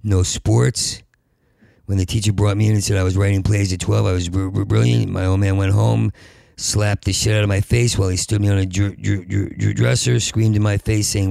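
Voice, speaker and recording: A man hosting a podcast in a rambling monologue, with a heavy stutter that repeats syllables, and at times rising to a loud urgent plea. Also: lowish voice, flat delivery, moderate pace, creaky, dry recording, studio quality. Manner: rises to loud urgent pleading. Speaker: podcast host.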